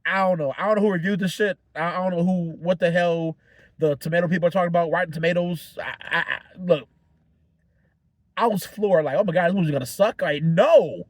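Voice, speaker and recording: A young man with a high-pitched voice talks through a movie review on his own, rambling and restarting his sentences, swearing freely and getting worked up. The sound is dry and close, with no room around it. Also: fairly quick, no room sound. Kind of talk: casual solo review.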